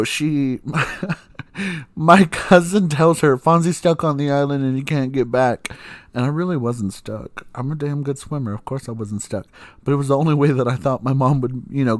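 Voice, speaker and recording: A man's voice: medium pitch, moderate pace, no room sound. A young man hosting a podcast, telling stories casually with frequent laughs and swearing. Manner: profane, laughs often, acts out voices in quotes. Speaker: podcast host. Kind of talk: casual storytelling monologue.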